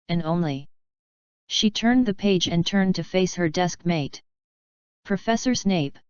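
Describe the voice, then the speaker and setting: A woman narrating a fan fiction audiobook in a steady, even read. Her voice is a little low and very clear. The recording is dry and dull, close to lo-fi. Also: no echo. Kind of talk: fanfiction audiobook reading.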